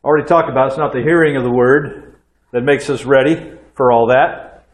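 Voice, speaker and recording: A man's voice: medium pitch, steady tone, brisk. A man in his sixties preaching a sermon in a church with folksy storytelling and conversational asides. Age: 60s. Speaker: pastor. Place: church hall. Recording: echoey room.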